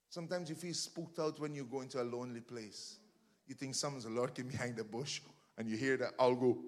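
A man preaching a sermon as pastor, building fervently to shouted refrains between joking asides to the congregation. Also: medium pitch, fairly even intonation, a little fast.

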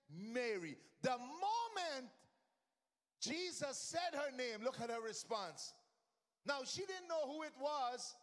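A man preaching a sermon to a church, swinging from shouts down to near-whispers. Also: very high voice. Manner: rising to shouts then dropping to near-whispers. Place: church sanctuary. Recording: long reverb of a large hall.

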